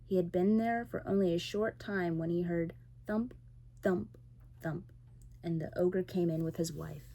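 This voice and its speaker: A woman reads a fairy tale in a soft, whispered role-play bedtime voice. Her tone is low, mellow and breathy. She sits close to the microphone. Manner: soft, slow bedtime reading. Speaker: ASMR storyteller. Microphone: close ASMR microphone.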